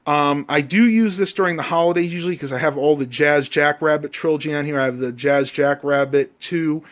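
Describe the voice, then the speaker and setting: A man's voice: fairly high pitch, fairly quick. A man in his bedroom chatting casually in a home vlog, easygoing and rambling with plenty of ums and uhs. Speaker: vlogger.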